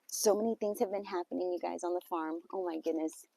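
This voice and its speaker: A woman chatting casually with viewers while walking through her garden on a farm for a live vlog, with quick exclamations and nervous laughter. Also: fairly low pitch, fairly even intonation, gravelly, dark tone, slight background noise.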